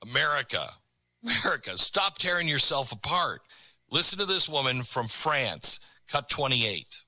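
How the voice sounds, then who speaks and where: A man's voice: medium pitch, very animated, unhurried, bright, forceful tone, no echo. A man hosting a show, delivering an emphatic monologue and urging the audience. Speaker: host.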